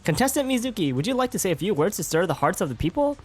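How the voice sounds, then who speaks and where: A man reading out a game's tournament announcer introducing contestants, a little brighter and higher than his own talk. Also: sing-song, rapid-fire, faint music behind. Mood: hyped.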